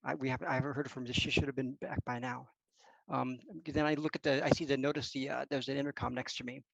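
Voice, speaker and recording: A man playing in a tabletop game, talking haltingly with many pauses and ums. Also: mid-range voice, steady tone, vocal fry, a bit bright, no echo. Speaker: player. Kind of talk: tabletop game role-play. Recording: dull, dry lo-fi mic.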